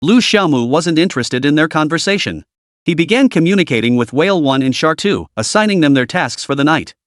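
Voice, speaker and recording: Man, story recap narrator, scripted reading, lively pitch, dry close sound. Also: brisk, no echo.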